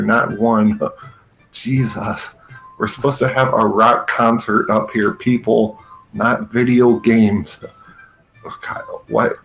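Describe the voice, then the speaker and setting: A man's voice: mid-range voice, a bit bright, low-quality recording. A man hosting a comedy show, ranting with sarcastic exasperation and laughing often. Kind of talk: comedic rant, parody commentary.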